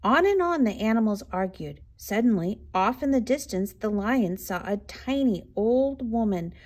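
A woman reading a children's picture book aloud with expressive, unhurried storytelling. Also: a little high. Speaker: storybook reader.

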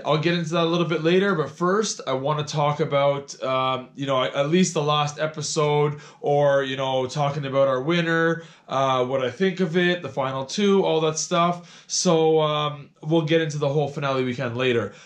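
Hoarse Canadian man rambling through a recap. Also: fairly high pitch. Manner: rambling, lots of fillers and repeated words. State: hoarse from losing his voice. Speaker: vlogger recapping a reality show. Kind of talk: casual recap vlog.

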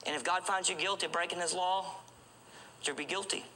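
A male street preacher delivers an urgent evangelistic sermon. His voice sits high and sounds very bright and cutting. He stumbles into repetitions and fires rhetorical questions, with a faint ambient hiss behind him. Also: steady tone, brisk, poor audio.

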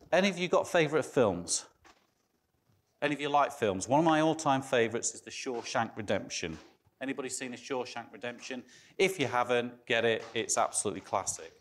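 Middle-aged guy giving a sermon in a church hall, chatty, keeps asking the congregation questions. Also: medium pitch. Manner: conversational, asks the congregation questions. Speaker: preacher.

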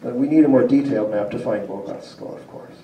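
A man giving an academic lecture with slides, pausing often with fillers and restarts. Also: mid-range voice, muffled recording, slight background noise. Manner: hesitant, many fillers and restarts. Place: civic centre lecture hall. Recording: roomy distant hall recording.

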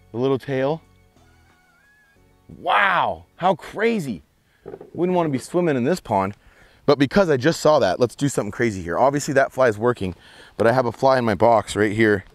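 A man hosting an outdoor fishing vlog from a boat on a lake, explaining casting tips and getting excited over his catches. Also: mid-range voice, no echo. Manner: excitable, whoops and shouts when fish jump.

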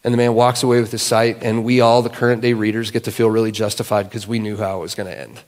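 A man giving a sermon as a guest pastor, telling a story in a relaxed, conversational way with casual fillers. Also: lowish voice, fast, big-room sound. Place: church sanctuary.

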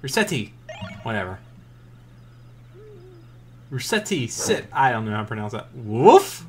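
A man's voice: medium pitch, very animated, normal speed, a bit bright, slightly rough. A man doing jokey let's play commentary who rambles and talks to himself. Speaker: gamer.

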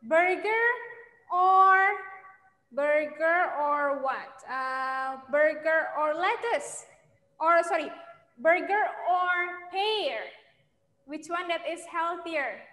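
A high, bright-voiced young woman teaches children English, taking her time and patiently repeating each question. Her voice rings in an echoey room with a long reverb tail, as heard over a video call. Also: extremely slow. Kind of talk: online kids' English lesson.

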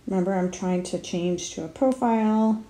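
A woman's voice: medium pitch, moderate pace, warm tone, roomy sound. A woman, a speech therapist, narrating a step-by-step app tutorial, talking herself through each click with casual fillers. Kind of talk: screen-recorded app tutorial.

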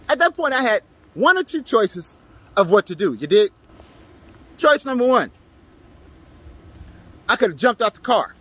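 Animated man telling a street story. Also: high-pitched, breathy edge. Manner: animated, acts out his own shouts and quotes. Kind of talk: casual storytelling monologue.

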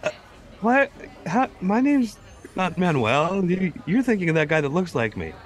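A man's voice: high-pitched, big pitch swings, normal speed, voice pushed up. A man voicing an awkward prepubescent schoolboy with a crush, in a strained, froggy voice that stammers and hesitates. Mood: flustered.

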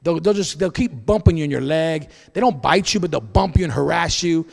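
A man preaching as pastor to his congregation, swinging between booming and hushed delivery in a church. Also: expressive, brisk, vocal fry, big-room sound. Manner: preaching with wide swings in loudness and pitch. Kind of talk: sermon. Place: church sanctuary.

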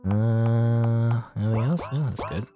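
A man's voice: mid-range voice, steady tone, slow pace, music in the background. A man casually commentating a game he is playing, rambling and joking with many fillers. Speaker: let's play gamer.

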